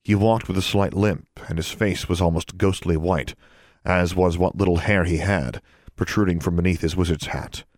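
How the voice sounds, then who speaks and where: A man reading a story aloud as a narrator, in a steady, measured way. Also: deep voice, no echo. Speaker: audiobook narrator. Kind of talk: scripted narration.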